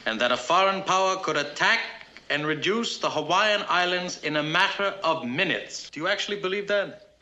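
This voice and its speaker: A sarcastic military prosecutor. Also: male voice, high voice, expressive, moderate pace, pushed and bright, muffled recording, exaggerated voice. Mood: probing. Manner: sarcastic, cross-examining, reading documents aloud. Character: mocking male military prosecutor, sarcastic and relentless. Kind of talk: 1950s film courtroom drama. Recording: old film soundtrack with faint hiss.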